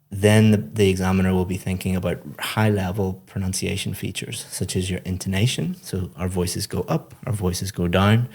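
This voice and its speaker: A man with a very deep voice talks through a speaking test result as an English teacher. He explains each point patiently and praises generously in a relaxed podcast style. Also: breathy edge. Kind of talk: podcast feedback.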